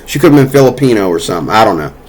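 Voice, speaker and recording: A man's voice: lowish voice, very animated, rapid-fire, a little mellow. A man delivering a heated, profane political monologue, scolding and cursing as he talks. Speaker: political commentator. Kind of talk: angry monologue.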